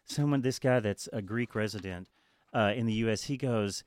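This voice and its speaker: A man's voice: on the low side, moderate pace, dry recording. A man co-hosting a podcast, chatting casually and animatedly, swearing now and then and laughing often. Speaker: podcast co-host. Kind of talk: casual chat.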